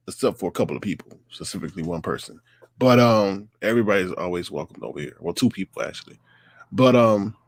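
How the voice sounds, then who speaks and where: A man's voice: sits low, gravelly, no echo, clean studio sound. Ranting man hosting a live online show. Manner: ranting, mocking impressions of others. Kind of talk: casual livestream commentary.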